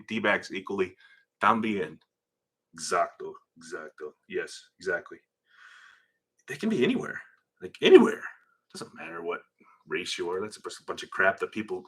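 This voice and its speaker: A man's voice: sits low, husky. A man hosting a live stream from his garage, chatting and rambling while reading out viewer names. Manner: rambling, animated, reads chat names aloud. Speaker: host of a live car-build stream. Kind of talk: casual live-stream chat. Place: home garage workshop.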